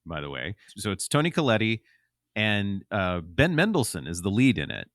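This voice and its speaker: A man's voice: lowish voice, big pitch swings, normal speed, a bit bright, no room sound, studio quality. A man chatting as a podcast guest, rambling with lots of ums and restarts. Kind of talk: casual chat.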